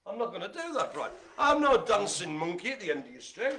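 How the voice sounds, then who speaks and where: A middle-aged man hosting a live bingo game, chatty and jokey, speaking to his audience as ladies and gentlemen. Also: high-pitched, big pitch swings, brisk, crowd noise. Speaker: bingo caller and host.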